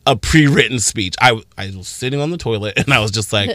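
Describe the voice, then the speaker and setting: A man's voice: medium pitch, animated, fast talker, sharp tone, dry recording, studio quality. A man co-hosting a radio show in casual chat, talking in an impassioned, rambling way full of restarts. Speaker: radio co-host.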